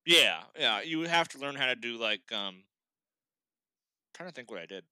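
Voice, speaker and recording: A young man from Massachusetts talks casually, rambling and leaning on fillers. His voice is strikingly bright and tense, with a very lively, up-and-down pitch. The sound is dry and close, with little room echo. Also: normal speed, clear, resonant tone. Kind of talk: casual chat.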